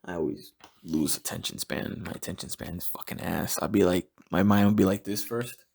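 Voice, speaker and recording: Gravelly, husky young man swearing casually. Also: deep voice, fairly even intonation, fairly quick, darkish tone. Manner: rambling, heavy swearing, laughs at own jokes. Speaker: podcast host. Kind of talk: casual solo podcast monologue.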